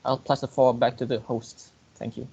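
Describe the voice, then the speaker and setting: A man's voice: mid-range voice, little pitch movement, moderate pace, creaky, a little mellow, slightly rough. A young man from Malaysia gives a sincere testimonial about a training program and thanks its sponsors. He speaks earnestly, with fillers and a small slip. The call audio is dull and lo-fi. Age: young adult. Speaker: program participant. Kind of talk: testimonial speech.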